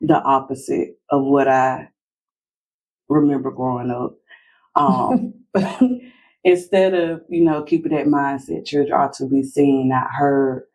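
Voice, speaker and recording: A woman's voice: a bass voice, expressive, slow pace, darkish tone, rough recording. A woman guest in a casual interview, talking reflectively about parenting and retelling conversations with her daughters. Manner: reflective, acts out family dialogue.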